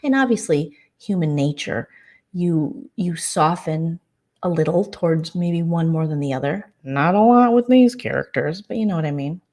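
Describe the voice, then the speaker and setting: Rambling, low-voiced woman vlogger. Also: animated, normal speed, a little mellow. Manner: rambling, chatty, many fillers and restarts. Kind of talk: casual late-night chat.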